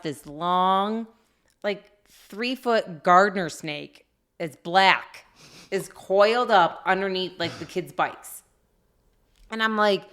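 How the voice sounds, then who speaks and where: A middle-aged woman co-hosting a podcast, telling a story in a lively, laughing way with lots of fillers. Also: mid-range voice, clear, resonant tone. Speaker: podcast co-host. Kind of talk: casual storytelling chat.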